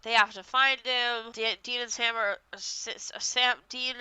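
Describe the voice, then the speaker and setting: A young woman co-hosting a podcast, congested and stuffy-nosed, rambling through an animated episode recap. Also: fairly high pitch, clear, resonant tone, dry recording. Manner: rambling, animated retelling with quick voiced quotes. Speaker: podcast co-host. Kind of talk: casual chat, episode recap.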